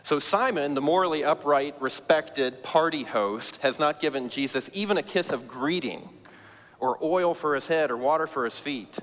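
A man's voice: a little high, fairly bright tone, long reverb tail. A man preaching a sermon as pastor, telling the story with emphatic, rising stress.

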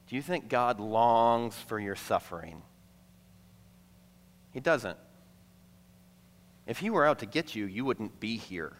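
A man preaching a sermon to a congregation, conversational and playful, acting out quick asides between the teaching. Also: fairly low pitch, slight background noise. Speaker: pastor. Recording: long hall reverb.

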